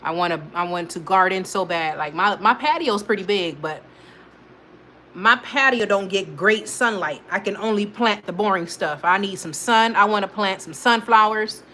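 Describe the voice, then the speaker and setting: Woman hosting a livestream, bright crisp voice, laughs a lot, answers the chat, faint background noise. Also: medium pitch, moderate pace. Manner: chatty, laughs often, talks back to chat. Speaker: livestream host. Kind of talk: casual livestream chat reading comments.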